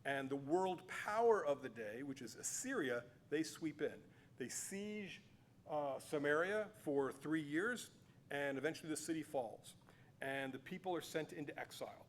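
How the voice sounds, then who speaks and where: A man teaching a Bible class, telling the stories in an animated, chatty way with fillers and restarts. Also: fairly high pitch, normal speed, slight background noise. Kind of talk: casual storytelling lecture. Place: cathedral.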